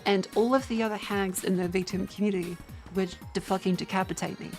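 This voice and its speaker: A woman's voice: mid-range voice, steady tone, quick pace, a little mellow. A young Australian woman chatting casually on a livestream, tired, rambling and swearing with self-mocking banter. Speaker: streamer. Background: faint music.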